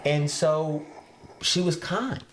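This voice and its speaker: A man's voice: on the high side, takes it slowly, a little hiss or hum. A stand-up comedian, a man, chatting casually on a podcast and slipping into quoted voices. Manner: expressive, drops into quoted voices.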